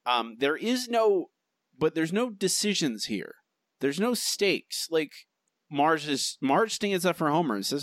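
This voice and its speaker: A man's voice: fairly high pitch, very animated, measured pace, fairly bright tone, no echo, clean studio sound. A man co-hosting a podcast, chatting sarcastically and with exasperation about a TV episode. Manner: sarcastic, exasperated, restarts often. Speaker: podcast co-host. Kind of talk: casual chat reviewing an episode.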